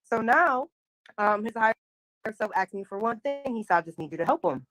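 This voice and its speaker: A woman casually telling a long personal spiritual story, animated, full of slang and acted-out dialogue. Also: on the high side, a little fast, soft background music, poor audio.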